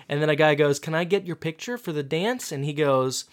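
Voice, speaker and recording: A man's voice: on the high side, a little fast, hardly any pauses. A man co-hosting a podcast, casually retelling a TV episode scene by scene with frequent "um" and "uh". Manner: relaxed, hesitant "um" and "uh", retells scenes. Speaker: podcast co-host. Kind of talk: casual chat recapping a TV episode.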